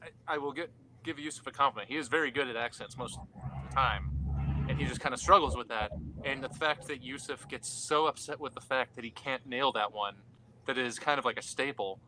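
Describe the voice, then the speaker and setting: A man co-hosting a casual online chat over a video call, joking and telling stories in an animated way. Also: mid-range voice, brisk, a little hiss or hum, low-quality recording. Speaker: co-host. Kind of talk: casual banter.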